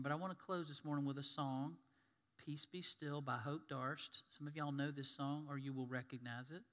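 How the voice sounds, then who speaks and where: A male pastor preaching a sermon, telling stories and swinging from loud emphasis to hushed tones. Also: on the high side, long reverb tail.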